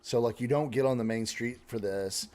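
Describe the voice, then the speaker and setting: A man's voice: mid-range voice, normal speed, darkish tone. A man narrating as game master in a casual, rambling way.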